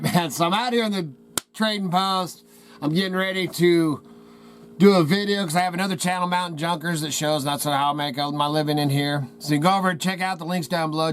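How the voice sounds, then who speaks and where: A man hosting his channel from a trading post, ranting in an agitated, rambling way with folksy slang about a cover-up. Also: on the high side. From Idaho. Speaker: channel host. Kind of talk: heated rant to camera.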